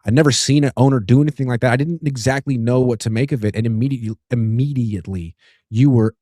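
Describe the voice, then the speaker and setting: A man's voice: mid-range voice, quick pace, mellow, no echo, clean studio sound. Easygoing man reading viewer comments. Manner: easygoing, reads super chats aloud. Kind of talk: casual sports talk.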